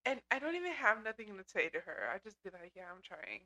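Young woman podcast cohost, bright highish voice, swears a lot and laughs loud. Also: very animated, fast talker. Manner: loud, laughing, profane banter. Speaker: podcast co-host. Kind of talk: casual chat.

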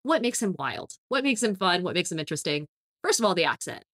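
A woman's voice: on the low side, sing-song, fast, a bit bright, no echo, studio quality. A woman co-hosting a casual podcast about tabletop games, talking with energy and laughing often. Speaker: podcast co-host.

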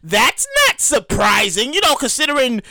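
A man's voice: very high-pitched, big pitch swings, normal speed, gravelly, sharp tone, no echo. A man on a casual, profane rant to camera, emphatic and repetitive. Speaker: vlogger. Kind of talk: casual ranting monologue.

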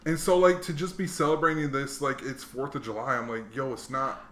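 A man's voice: mid-range voice, brisk, echoey room. A man hosting a podcast, chatting casually and acting out the people in his stories. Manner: animated storyteller, acts out quoted voices. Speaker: podcast host. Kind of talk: casual chat.

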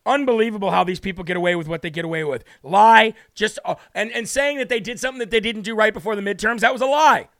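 A man hosting a talk show, ranting loudly and emphatically through political commentary with indignant outbursts. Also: high-pitched, racing, few pauses.

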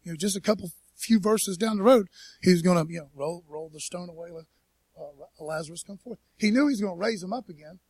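High-voiced casual preacher, folksy and dry. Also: male voice, brisk, a little mellow, husky, no echo. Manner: folksy, peppered with "man" and "you know". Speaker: pastor. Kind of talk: casual conversational sermon. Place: church.

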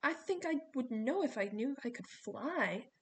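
A woman voicing a bewildered teenage boy hero who speaks in an uncertain, halting way. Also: sits high, lively intonation, pitched above the performer's own voice.

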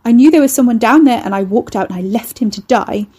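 A woman voicing Carrie, a frightened young woman who speaks in a shaky, halting way. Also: on the high side, expressive, warm tone, slightly rough. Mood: distraught.

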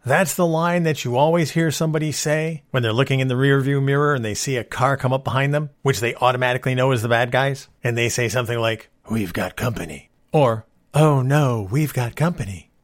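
A man's voice: mid-range voice, fairly even intonation, fast talker, few pauses. A man hosting a casual solo podcast, talking in a wry, exasperated way. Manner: wry, exasperated complaining about movie cliches. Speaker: podcast host.

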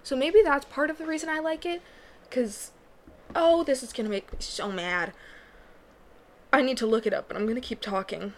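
A woman's voice: high-pitched, normal speed, long pauses. A young adult woman hosting a casual solo podcast from a small booth, rambling and breaking off her own sentences, laughing often. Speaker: podcast host.

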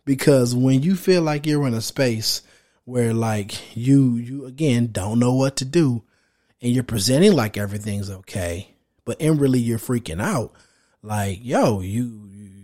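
A man in his thirties hosting a podcast, giving casual, direct advice in a slangy, animated way and acting out what other men might think. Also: medium pitch. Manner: animated, slangy and direct, acts out quoted thoughts. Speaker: podcast host.

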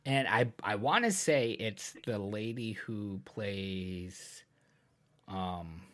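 A woman co-hosting a casual podcast chat, laughing often. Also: a bit bright. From Rhode Island. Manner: laughs often, slow and low. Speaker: podcast co-host.

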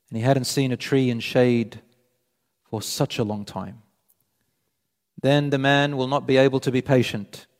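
A man preaching a sermon, retelling a story with animated delivery and voicing both sides of the dialogue. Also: medium pitch. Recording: long hall reverb.

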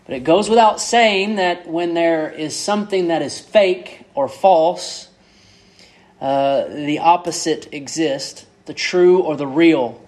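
A man preaching a sermon as pastor, measured and repeating key words for emphasis. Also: on the high side, a little mellow.

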